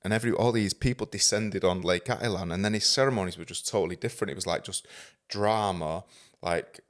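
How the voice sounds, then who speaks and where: A man's voice: low voice, fast. A man hosting a podcast in loose, chatty talk, swearing freely and using lots of fillers. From England. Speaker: podcast host. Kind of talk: casual podcast chat.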